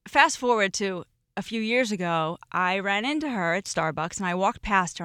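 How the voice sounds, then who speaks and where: A woman's voice: mid-range voice, normal speed, smooth, no room sound, clean studio sound. Emotional woman telling stories on a podcast. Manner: emotional, expressive storyteller. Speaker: guest, former roommate. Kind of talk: casual podcast storytelling.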